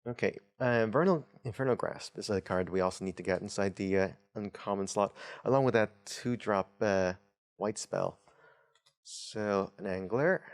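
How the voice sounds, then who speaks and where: A man hosting a casual card-opening video, reading card text aloud with wry, chatty asides. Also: on the low side. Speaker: host of a tabletop channel. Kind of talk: casual unboxing commentary.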